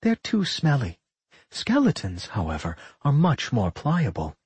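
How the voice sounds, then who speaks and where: A man voicing a gleeful, sly male dungeon boss in an audiobook, with a husky, menacing tone. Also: mid-range voice, huge pitch swings, unhurried, darkish tone, no echo, pitched above the performer's own voice, heavily acted. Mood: smug. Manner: smug, menacing.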